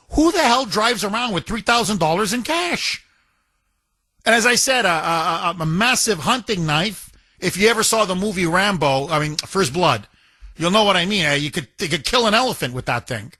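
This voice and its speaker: Male talk radio host, sarcastic and outraged, bright tone, dry studio mic. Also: sits high, no echo. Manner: mocking, indignant, mimics others in a whiny voice. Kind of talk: opinionated talk radio monologue.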